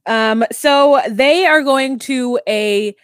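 A woman's voice: high-pitched, slow, no echo, studio quality. A woman co-hosting a casual podcast recapping a reality TV show, rambling with lots of fillers and wandering tangents. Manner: rambling, filler-heavy, worried musing. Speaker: podcast co-host.

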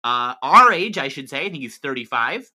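A man's voice: medium pitch, sing-song, normal speed, bright, forceful tone. A man co-hosting a sports podcast, ranting in an impassioned, wordy way. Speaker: podcast co-host. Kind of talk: casual sports podcast chat.

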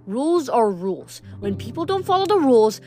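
A shrill, fussy male statue god who lives for the rules, as a woman puts him on. He shrieks and scolds in a raised, indignant voice, every word a complaint. A faint bed of music sits behind the storybook reading. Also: big pitch swings, a little fast, darkish tone.

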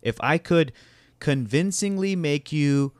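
A man's voice: fairly high pitch, expressive, slow, darkish tone, no echo. A man hosting a podcast, chatting enthusiastically about movies and laughing easily. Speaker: podcast host. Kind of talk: casual movie chat.

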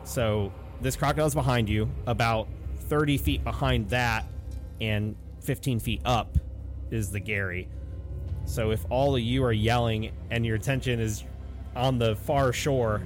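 A low-voiced man narrates a tabletop game as its game master. He describes scenes in a loose, casual way, with plenty of fillers. Faint music plays underneath.

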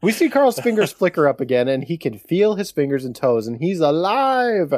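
A man tells a horror episode's plot in a casual podcast chat, his slightly high voice rising and falling a lot. He keeps it light and jokey. The sound is close and dry. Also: normal speed, no echo. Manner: animated storytelling with a laughing, joking tone. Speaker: podcast co-host.

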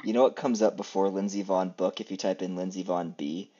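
A man with a very low voice drops dry, amused remarks on a casual podcast. He sounds a bit away from the mic, and the audio is dull and lo-fi. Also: steady tone, brisk, mellow. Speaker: podcast co-host. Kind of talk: casual chat.

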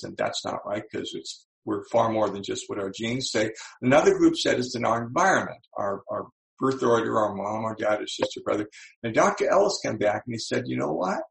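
A man in his seventies giving a motivational talk to an audience, telling stories and slowing down to stress key points. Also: fairly low pitch, creaky, roomy sound, poor audio. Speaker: speaker.

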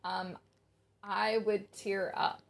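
A woman co-hosting a podcast, talking in a gentle, reflective way with plenty of fillers. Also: mid-range voice, flat delivery, extremely slow, creaky. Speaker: podcast co-host. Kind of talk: casual chat.

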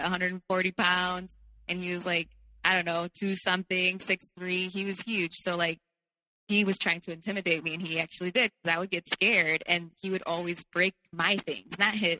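A woman's voice: lowish voice, pushed and bright, in a large hall, poor audio. A woman guest telling her personal story candidly, peppering her speech with "like". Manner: candid, heavy use of "like". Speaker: podcast guest.

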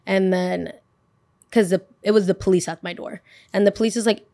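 Young woman, podcast host, casual storytelling, animated, voices the people in her story. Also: mid-range voice, a little fast, dry recording, studio quality. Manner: animated, acts out quotes of others.

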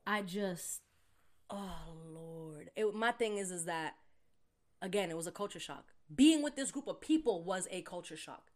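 A young adult woman co-hosting a podcast, telling a story in casual chat, animated and profane, acting out quotes loudly. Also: fairly low pitch, a little slow. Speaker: podcast co-host.

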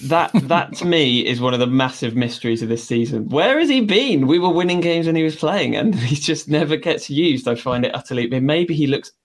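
A man on a casual football podcast, voicing opinions in an exasperated, animated way. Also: a little high, fairly quick, few pauses. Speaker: podcast panelist.

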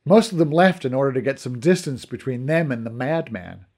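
Expressive male narrator. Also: medium pitch, a little fast. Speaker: audiobook narrator. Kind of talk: scripted first-person narration.

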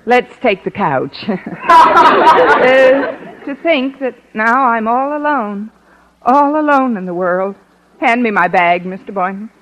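A sly, wisecracking schoolteacher in a 1940s radio comedy. Her sardonic lines swing up and down in pitch. Loud studio laughter and heavy hiss fill the old broadcast. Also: animated, slow, long pauses, a crowd in the background. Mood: mock tearful. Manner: sardonic, playfully mock-tearful.

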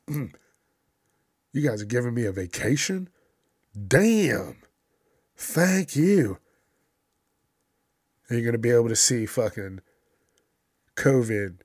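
A man's voice: fairly low pitch, dry recording, clean studio sound. A man hosting a casual news commentary, ranting sarcastically and swearing constantly. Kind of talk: profane casual news rant.

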